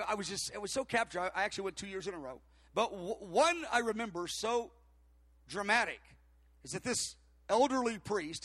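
Bright, high-voiced male preacher telling stories. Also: no room sound. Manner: animated, rambling anecdotes with many fillers and restarts. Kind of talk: storytelling sermon.

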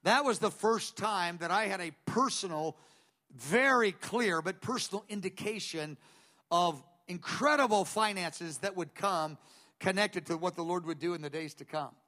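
A man's voice: sits high, moderate pace, sharp tone. An older man preaching a conversational teaching sermon, telling stories with many digressions and quoting others aloud.

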